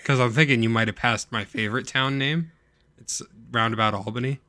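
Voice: medium pitch, brisk, pushed and bright. A podcast co-host in casual chat, teasing and bantering in a dry way.

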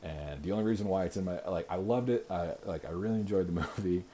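A man's voice: sits low, fast, mellow, a little hiss or hum. A man in his thirties hosting a podcast, reviewing a movie in a casual, rambling way with lots of filler words and repeated starts. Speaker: podcast host.

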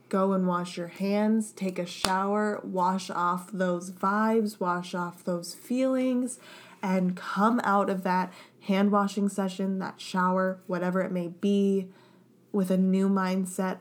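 Tipsy, effusive woman podcast co-host. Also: medium pitch. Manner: swears freely, effusive. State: tipsy on champagne. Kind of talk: casual chat.

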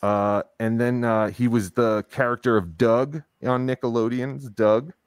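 A man co-hosts a podcast, chatting casually and rambling with lots of fillers and restarts. His mid-range voice is clear and resonant, with fairly even intonation and a measured pace. The studio-quality recording has no echo.

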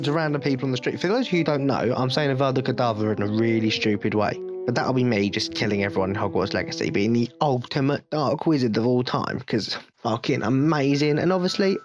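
A man's voice: medium pitch, fast, hardly any pauses, over music. Blunt, swearing English man ranting. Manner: blunt, jokey, swearing freely. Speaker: podcast host. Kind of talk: casual rant.

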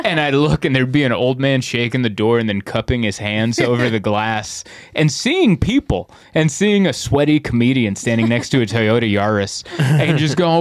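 Animated man telling a comedy story. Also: medium pitch, moderate pace, few pauses, no echo, clean studio sound. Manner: animated, mimics voices in stories, laughs often. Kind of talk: casual podcast storytelling.

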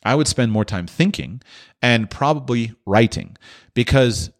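A man's voice: medium pitch, animated, unhurried. A man hosting a question-and-answer podcast, talking through his answer off the cuff with frequent restarts. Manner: thoughtful, with frequent restarts and filler. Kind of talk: unscripted monologue.

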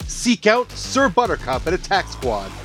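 A man reading a slow, theatrical announcement. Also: high voice, wildly swooping pitch, a bit bright, soft background music.

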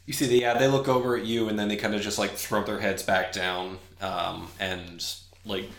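A man narrating as game master, rambling with many fillers and jumping into high voices for characters. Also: level tone, moderate pace, a bit bright, a little hiss or hum. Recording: echoey room.

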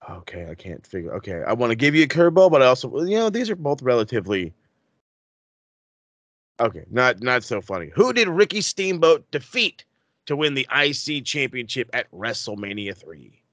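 A man asking wrestling trivia in a casual podcast chat, excitable and profane with rambling asides. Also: medium pitch, moderate pace, no room sound. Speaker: trivia quizmaster.

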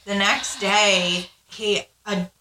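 Very slow and at medium pitch with little pitch movement, a woman tells her story as a podcast co-host. She's frank and casual, swears freely, and acts out quoted lines. The room is echoey and the background noisy.

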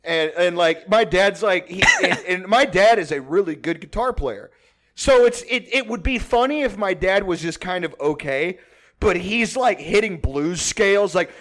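Man from Texas, podcast host, high voice, casual storytelling, rambling, profane, laughs a lot. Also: animated, moderate pace, a bit bright. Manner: rambling, profane, laughs often, many restarts.

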